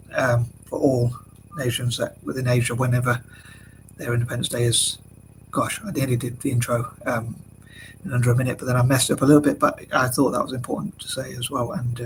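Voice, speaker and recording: A man speaks in a flat, even voice, hardly moving his pitch as he rambles through a solo monologue. He hesitates often and keeps correcting himself mid-sentence. A constant hiss of background noise sits under the recording. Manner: hesitant, many fillers and self-corrections. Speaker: video blogger.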